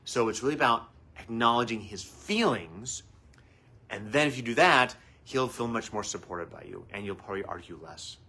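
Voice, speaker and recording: A man hosting a live advice talk as a family therapist, animated and acting out quoted voices. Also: fairly low pitch, moderate pace, gravelly, husky.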